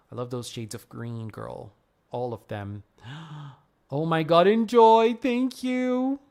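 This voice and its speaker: A woman streamer chatting casually on a live stream, gushing effusively with frequent exclamations, laughs and gasps. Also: low voice. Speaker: streamer reviewing fan art.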